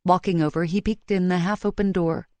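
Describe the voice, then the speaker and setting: A woman reading a romance audiobook in a measured, emotive way, close to the microphone. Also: fairly low pitch, fairly even intonation, a little mellow, no echo. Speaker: audiobook narrator. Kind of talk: scripted romance narration. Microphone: close studio mic.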